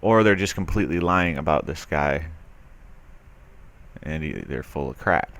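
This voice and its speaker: A man's voice: rumbling low, animated, unhurried, gravelly, a bit bright, no room sound. A man reading a news article aloud and commenting on it, skeptical and sarcastic, with loose talk full of fillers. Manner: loose, with frequent fillers and restarts. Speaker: commentary video host.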